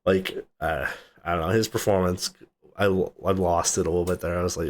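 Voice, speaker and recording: Low-voiced man in casual movie chat. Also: fairly even intonation, a little fast. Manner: rambling, swears casually, laughs often, acts out movie quotes. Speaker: podcast co-host.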